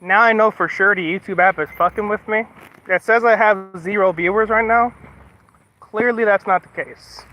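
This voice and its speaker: High-voiced man ranting on a livestream. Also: normal speed. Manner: profane, ranting and then apologetic. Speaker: streamer. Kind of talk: casual livestream chat. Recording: slightly muffled stream audio.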